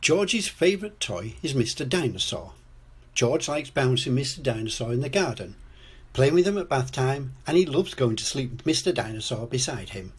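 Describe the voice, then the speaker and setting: An older man reading a children's storybook aloud, gentle and expressive. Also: mid-range voice, moderate pace, breathy edge.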